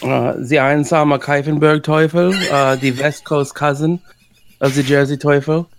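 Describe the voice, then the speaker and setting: A man voicing a pompous, evasive fake German cryptid expert with a put-on German accent and a gravelly voice, in an improvised comedy podcast. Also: fairly high pitch, fairly even intonation, moderate pace, background noise, lightly acted. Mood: deadpan pompous.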